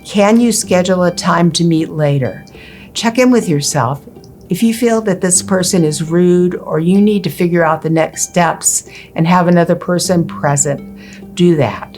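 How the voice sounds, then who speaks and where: Calm woman narrating an advocacy lesson. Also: fairly low pitch, a little slow, soft background music. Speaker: presenter, attorney. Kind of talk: scripted educational narration.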